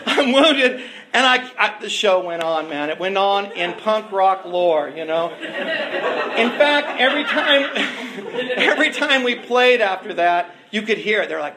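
A man telling a rambling, self-mocking story on stage, often laughing as he goes. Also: very high voice. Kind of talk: stand-up storytelling. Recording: live show with audience laughter. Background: crowd laughing.

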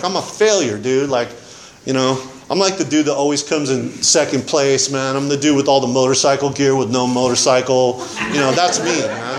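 A man telling his recovery story at a meeting in a casual, rambling, slangy way, often saying man and dude. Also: a little high. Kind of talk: casual personal testimony.

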